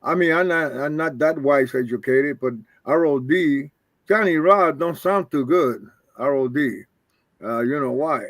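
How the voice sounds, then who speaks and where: A man's voice: a little high, a little slow, fairly bright tone, no room sound. An older man and retired wrestler telling rambling stories as a guest, acting out the voices of people he quotes. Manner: rambling, acts out quoted dialogue. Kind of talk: casual storytelling.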